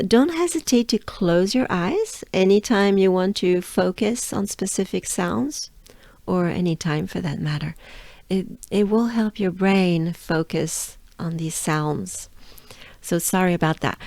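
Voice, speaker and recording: Brief: French-accented woman, pronunciation coach, very slow and deliberate, dry close sound, slips into whispers. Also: on the low side, no room sound. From France. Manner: drills sounds slowly with breathing cues, breaks into soft whispers. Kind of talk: pronunciation lesson.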